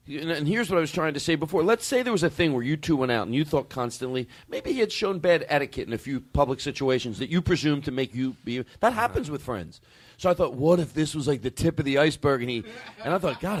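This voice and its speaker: Excitable chatty man hosting a podcast. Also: a little high, fairly quick, dry recording. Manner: animated, excitable, repeats himself, laughs often. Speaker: podcast host. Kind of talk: casual podcast chat.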